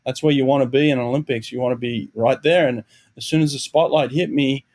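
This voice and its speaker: A middle-aged Australian swim coach, appearing as a guest on a podcast, talks candidly and reflectively, often restarting phrases and slipping in "you know." His mid-range voice is steady and a little mellow, and he speaks fairly quickly.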